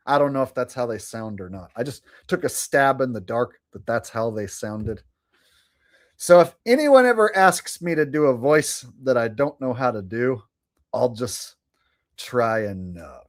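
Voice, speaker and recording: A man hosting a livestream, chatting casually with viewers in a rambling way, laughing and swearing now and then. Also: medium pitch. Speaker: livestream host.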